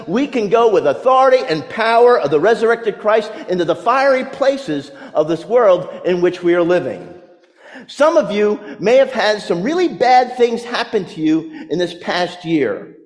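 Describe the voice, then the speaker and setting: A man preaching a sermon, telling stories and swinging from loud to hushed delivery. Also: high voice, in a large hall. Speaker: pastor.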